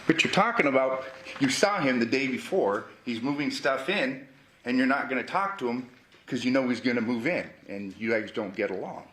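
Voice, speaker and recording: A man's voice: medium pitch, lively intonation, moderate pace, a bit bright. A man, a defense attorney, cross-examining a witness in a courtroom, pressing with short questions that end in "correct?". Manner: pressing, repeats "correct?" to pin down answers.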